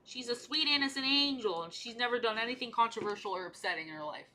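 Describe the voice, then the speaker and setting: Young woman, live-stream chatter, bright higher voice, playful and repetitive while she paints. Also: expressive, quick pace. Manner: chatty, repeats herself, playful silly asides. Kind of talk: casual live-stream chat.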